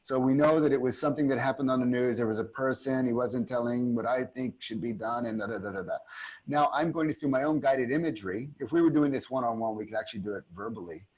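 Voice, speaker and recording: A middle-aged man, an aikido teacher, calmly guiding a community call through a reflective exercise, often restarting his sentences. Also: medium pitch, fast talker, lo-fi sound. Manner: calm, reflective, many restarts. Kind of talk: guided teaching talk. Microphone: video call.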